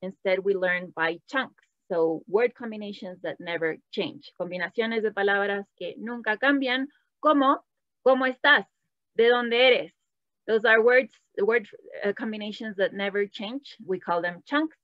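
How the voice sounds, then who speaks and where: A woman Spanish teacher from Latin America leads a live online language class, switching between English and Spanish and quizzing the chat. Her voice is mid-range at a moderate pace, with no room sound, and the audio is slightly dull and dry.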